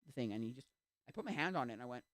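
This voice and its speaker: A young man talks fast on a livestream, his pitch bouncing up and down as he rambles from tangent to tangent. His speech is packed with fillers, and his voice sounds close and dry. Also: lively intonation, fairly bright tone, no echo. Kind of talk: casual chat.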